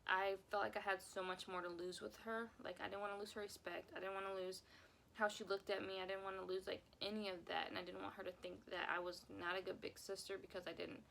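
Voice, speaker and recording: A young woman with a creaky, gravelly edge shares a personal story in a casual vlog. She talks in an emotional, rambling way, circling back over her words. A faint hum sits behind her voice. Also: medium pitch, flat delivery, fast, a bit bright. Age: young adult. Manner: emotional, rambling, repeats herself. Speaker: vlogger.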